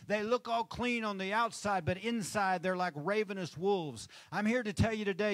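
High and a bit bright, with no room sound, this male pastor's voice carries a conversational sermon from the church stage. He pauses for amens from the congregation and chuckles between points.

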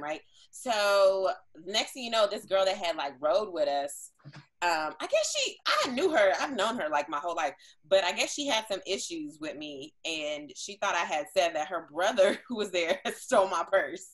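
A young woman co-hosting a casual podcast, telling a story with lively acted-out quotes. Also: fairly low pitch, normal speed. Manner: animated storyteller who acts out quoted voices. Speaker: podcast co-host.

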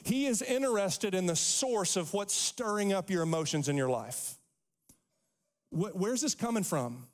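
A man pastor preaching a sermon, animated, acting out the quotes from scripture. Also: high voice, measured pace. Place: church sanctuary. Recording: long hall reverb.

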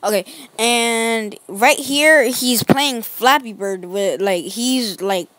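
A woman's voice: on the high side, slow, fairly bright tone, dry recording. Slangy woman narrating pictures. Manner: slangy, rambling, constant "like" fillers. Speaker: video host. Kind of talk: casual commentary over pictures.

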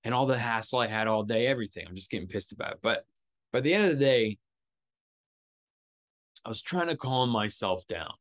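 A mid-pitched man speaks straight into a close mic in a dry, dead room. He tells a story from his own week in a loose, profane way. He jumps into voices when he quotes people. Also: lively intonation, brisk, pauses often, fairly bright tone, no room sound. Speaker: podcast host. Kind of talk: casual solo storytelling.

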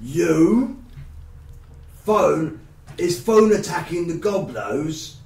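A man putting on a slow gravelly bugbear. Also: on the high side, sing-song, a little mellow, echoey room, recorded from a distance, full character voice, rough recording. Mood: grunting. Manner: broken simple speech. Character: dim-witted male bugbear, gruff and broken-speaking.

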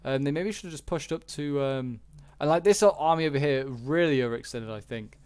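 A man's voice: medium pitch, fairly quick, darkish tone, clear, resonant tone. A man giving casual, rambling commentary over a strategy game battle, full of fillers and self-corrections. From Britain. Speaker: gaming channel host.

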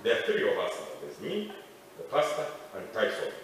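A male pastor preaching a sermon as a story, moving from loud excited cries to hushed pleading. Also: medium pitch, a little fast, slight background noise. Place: large outdoor camp meeting. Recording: echoey long reverb, distant mic, faint ambience.

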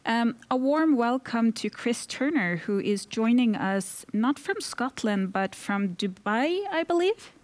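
A woman's voice: a little high, expressive, unhurried, few pauses. Woman introducing a speaker. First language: Norwegian. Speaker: conference moderator.

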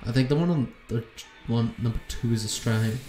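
A man's voice: mid-range voice, dark tone, roomy sound, slight background noise. A man giving casual, freely swearing commentary while streaming a game, muttering to himself.

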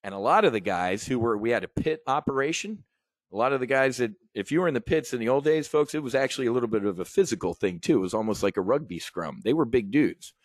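A middle-aged man talks straight to his audience in a brash, swaggering sales pitch, full of profanity and war stories from the trading floor. His voice sits at an ordinary pitch. The sound is dry and close, with no room echo. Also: expressive, quick pace. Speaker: trading educator and host. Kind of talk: animated sales pitch monologue.

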